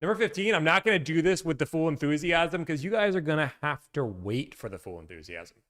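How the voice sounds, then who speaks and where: Playful lively-voiced male streamer. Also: on the high side, brisk. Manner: playful, reading a list and dropping into movie-quote impressions. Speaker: livestream host. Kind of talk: casual livestream chat. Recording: loud, peaking mic.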